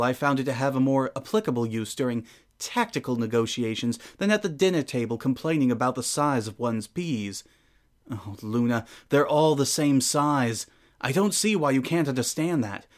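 A regal, ancient sun princess, acted by a man, thinks aloud in a refined, formal manner. Her tone is dryly amused and unhurried. This is a fan audio drama monologue in a mid-range voice. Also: mid-range voice, lightly acted.

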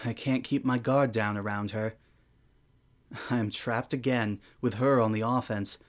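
A regal, ancient sun princess, acted by a man, thinks aloud in a refined, formal manner. Her tone is dryly amused and unhurried. This is a fan audio drama monologue in a mid-range voice. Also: mid-range voice, fairly even intonation, close to an everyday voice. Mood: determined.

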